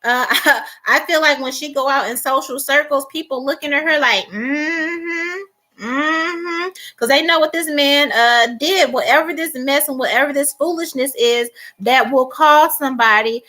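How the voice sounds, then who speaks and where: A woman's voice: high voice, normal speed, sharp tone. A woman giving a tarot reading, emphatic and repeating "okay?" and "all right?", acting out the people she quotes. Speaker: tarot reader.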